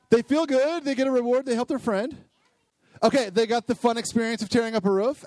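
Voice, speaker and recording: Man, youth pastor, high voice, dry close sound, lively Bible lesson, lots of questions to the group. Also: no room sound.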